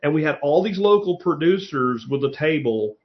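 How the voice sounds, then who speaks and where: A man in casual conversation, telling stories with lively energy and the odd curse word. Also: fairly high pitch, moderate pace. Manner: animated storyteller, swears casually. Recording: slightly muffled lo-fi audio.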